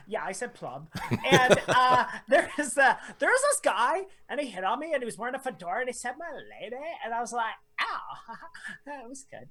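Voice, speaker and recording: A man's voice: very high voice, very animated, normal speed, sharp tone. A man co-hosting a radio show in loose, jokey banter, laughing through his remarks. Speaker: radio co-host.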